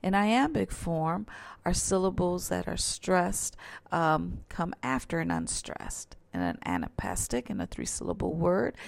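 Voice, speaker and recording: Soft-spoken woman explaining a lesson. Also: lowish voice, sing-song, slow, vocal fry, no room sound. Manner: patient, explanatory, with small slips and restarts. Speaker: teacher. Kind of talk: recorded lesson narration.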